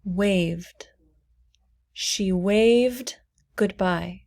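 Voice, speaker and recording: A female English teacher who speaks at a very unhurried pace. She says each word deliberately and distinctly and leaves room for listeners to repeat after her. Her voice sits at an ordinary middle pitch. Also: darkish tone. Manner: clearly enunciating single words for learners to repeat. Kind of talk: slow, deliberate pronunciation lesson.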